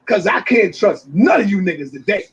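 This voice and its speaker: A man in a brash, swearing reaction rant with loud outbursts, heard through dull lo-fi clip audio. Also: high-pitched, animated, normal speed, breathy edge. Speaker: commentator reacting to a video.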